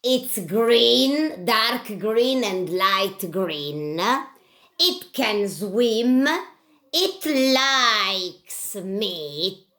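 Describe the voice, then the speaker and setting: A woman with an Italian accent teaching English to young children with puppets. She speaks very slowly in a bright, lively voice that rises and falls, repeating each simple sentence clearly. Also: mid-range voice.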